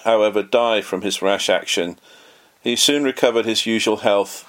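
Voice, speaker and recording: Low-voiced man reading a memoir. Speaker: audiobook narrator.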